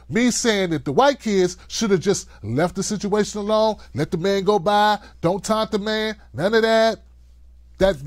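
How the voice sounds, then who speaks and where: A man's voice: high-pitched, no room sound, clean studio sound. A man hosting a political commentary show, talking in an emphatic, sarcastic monologue.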